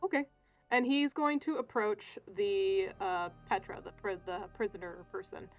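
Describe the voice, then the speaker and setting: A woman playing a tabletop role-playing game, describing her character's actions in a casual, halting way. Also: mid-range voice, lo-fi sound, faint music behind. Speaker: player.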